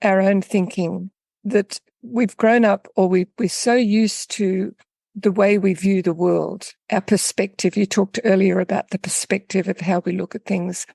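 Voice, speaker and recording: A woman coach speaking as an interview guest, thoughtful and unhurried, telling stories with small restarts. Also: medium pitch, fairly even intonation, creaky, dark tone, slightly rough, no room sound. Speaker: guest, coach for women in midlife. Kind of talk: reflective interview talk with storytelling.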